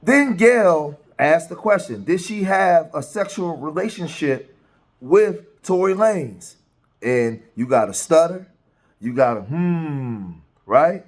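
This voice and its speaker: A man delivers casual news commentary in a somewhat raised voice, pausing often and restarting his sentences with plenty of filler sounds. His speech comes across as loose and unscripted. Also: on the high side, expressive. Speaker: commentary channel host.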